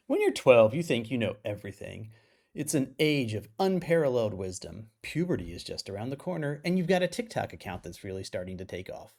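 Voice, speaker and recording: A man's voice: mid-range voice, big pitch swings, brisk, gravelly, a little mellow. A man reading his own humorous article aloud, playful and self-mocking, breaking off for casual side remarks.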